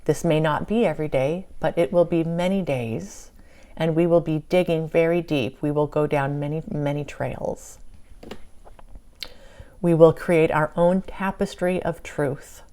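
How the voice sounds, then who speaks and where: A woman's voice: sits low, steady tone, a little slow, dark tone. A woman giving voice to a gracious old queen. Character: dignified elderly queen mother, gracious and kind.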